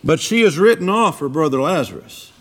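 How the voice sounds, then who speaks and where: This preacher speaks a little fast and with animation as he delivers a church sermon. He recounts the scripture, his pitch rising and dropping dramatically to stress key moments.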